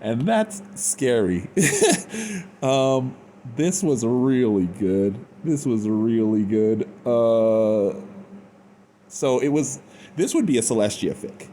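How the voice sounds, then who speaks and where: A man's voice: medium pitch, lively intonation, slow, mellow, a little hiss or hum. A man giving an unscripted, rambling review in casual slang, full of fillers. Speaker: fan fiction reviewer.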